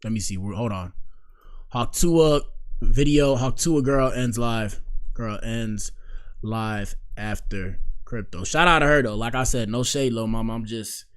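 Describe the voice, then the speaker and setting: A man's voice: medium pitch, unhurried, clean tone. Man rambling through a casual reaction stream. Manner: rambling, repeats himself, slangy and joking. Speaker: streamer host.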